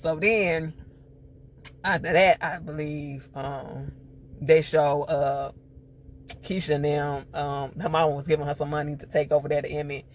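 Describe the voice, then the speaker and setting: A man's voice: on the high side, little pitch movement, unhurried, a little hiss or hum. A man recapping a TV episode in a casual, profane storytelling style, acting out the scenes as he goes. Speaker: TV show reviewer.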